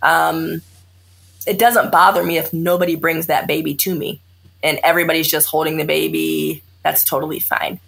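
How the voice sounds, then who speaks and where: An OB-GYN being interviewed as a guest has a deep voice with vocal fry and a breathy edge, talking at a moderate pace. She speaks candidly, with blunt sarcasm and animation, frequently acting out things patients have said.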